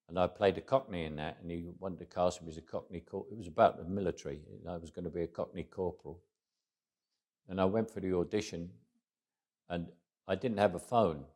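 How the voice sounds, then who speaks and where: A man, telling stories in an interview, repeating words as he restarts and trailing off quietly at the ends of phrases. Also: deep voice. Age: 80s. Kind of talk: anecdotal storytelling.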